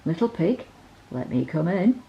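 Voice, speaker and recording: A woman voicing a greedy, bullying big bad male wolf in a bedtime storybook, with loud, growly demands. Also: on the low side, big pitch swings, a little slow, gravelly, dull audio, exaggerated voice. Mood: wheedling.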